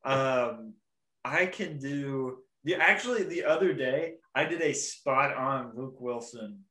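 Young male podcast host, bright, slightly high voice, rambling and laughing, echoey room. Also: lively intonation, takes it slowly. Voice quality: describes own voice as weaselly. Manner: rambling, laughing, trying out impressions. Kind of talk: casual chat.

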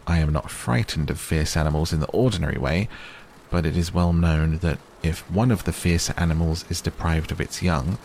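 A man's voice: extremely low pitch, slight background noise. A man voicing a small, timid young male piglet who speaks anxiously and fidgets. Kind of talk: storybook reading.

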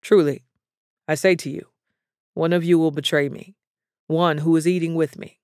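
A man's voice: fairly high pitch, level tone, moderate pace, a little mellow, clear, resonant tone, no echo, studio quality, close to an everyday voice. Jesus, solemn teacher, read by a man.

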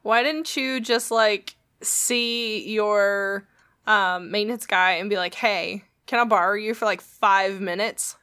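A woman's voice: medium pitch, fairly even intonation, slow pace, bright, forceful tone, clean tone. A woman in casual chat with a friend, wry and blunt, cursing freely. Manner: wry, blunt listener who swears.

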